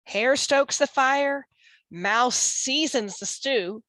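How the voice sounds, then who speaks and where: A woman reading a children's picture book aloud in a slow, expressive, sing-song way. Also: high voice, no echo. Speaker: storyteller.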